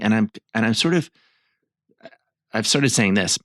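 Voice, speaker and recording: A man's voice: fairly low pitch, fairly quick, a bit bright, dry recording, studio quality. A man co-hosting a marriage podcast in casual chat, acting out other people's lines as he tells stories. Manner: acts out clients' lines while telling stories. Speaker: marriage therapist and podcast co-host.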